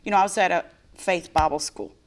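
A woman co-hosting a faith talk show, telling a personal testimony in an animated, dramatic way and acting out her own whiny crying voice. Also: fairly low pitch, fairly quick. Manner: dramatic storyteller who mimics a whiny crying voice. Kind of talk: animated testimony with playful banter.

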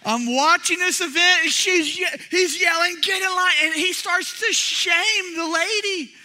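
A young man preaching a sermon, telling a story with animated energy and bursts of shouting as he acts out others. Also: very high-pitched, measured pace. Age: young adult. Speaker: pastor.

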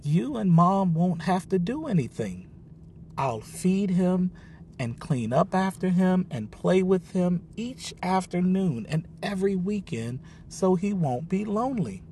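A tearful young girl begs to keep her pet in a storybook reading, with a man putting on her voice. Her voice rises high and pleading, with a soft mellow tone and a faint hum of ambience behind. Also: very animated, a little slow, exaggerated voice.

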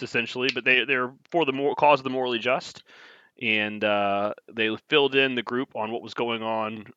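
A man's voice: medium pitch, pushed and bright, no echo, dull audio. A man acting as game master, casually recapping the last session of a tabletop game with loose, rambling talk. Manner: casual, rambling with fillers and restarts, chuckles.

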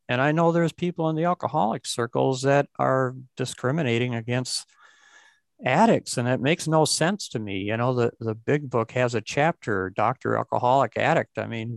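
A man's voice: medium pitch, creaky, no room sound. A man hosting a conversation about recovery, speaking reflectively and restarting his sentences often.

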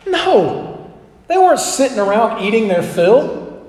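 High-voiced man preaching in an echoey hall. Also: very animated, unhurried, darkish tone. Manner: conversational preaching, asks the audience questions, acts out quotes. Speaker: pastor. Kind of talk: sermon.

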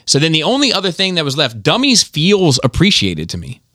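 A man's voice: fairly high pitch, huge pitch swings, fairly quick, bright, forceful tone, no room sound, studio quality. A man hosting a casual podcast chat, talking in a rambling, emphatic way and often restarting his sentences. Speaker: podcast host.

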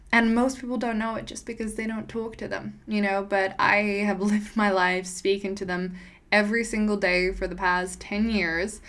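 A woman's voice: medium pitch, flat delivery, moderate pace, fairly bright tone. A woman talking as a spiritual teacher in a casual monologue, earnest and encouraging, her sentences running long and loose.

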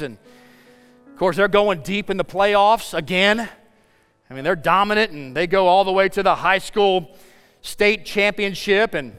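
A man preaching a sermon, telling a story in an animated way and acting out the dialogue. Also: high voice, smooth, big-room sound. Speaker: pastor.

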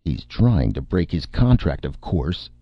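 A man voicing a bombastic, self-important male film director who shouts his lines theatrically, in a dry, slightly muffled recording. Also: extremely low pitch, very animated, a little slow, dry recording, exaggerated voice. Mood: indignant.

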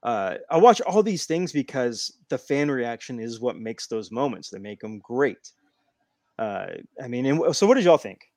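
A man's voice: medium pitch, very animated, normal speed, a little mellow, dry recording, studio quality. A man hosting a casual podcast chat and eagerly telling stories, acting out what people said. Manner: enthusiastic storyteller, acts out quotes.

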